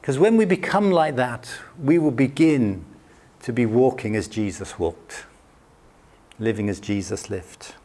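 A man's voice: mid-range voice, lively intonation, measured pace, dark tone. A British man preaching a sermon in a conversational, anecdotal way with self-deprecating humor. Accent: British English. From Britain.

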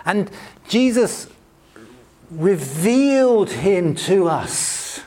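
A British man delivers a sermon in a relaxed, conversational style. He tells anecdotes and pokes fun at himself. His voice sits slightly above the usual male range. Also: high-pitched, very slow. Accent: British English. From Britain. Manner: conversational, anecdotal preaching with self-deprecating humor. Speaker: preacher.

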